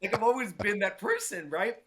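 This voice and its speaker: A middle-aged man telling stories from his life in a casual interview, animated and acting out quoted voices, often checking in with "right?". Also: high-pitched, a little fast. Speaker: guest, hair stylist.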